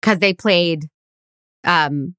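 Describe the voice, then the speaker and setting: A woman co-hosting a casual podcast chat, eager and animated, often laughing as she quizzes her friend. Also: lowish voice, drawn-out words, clear, resonant tone, dry recording, studio quality. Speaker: podcast co-host.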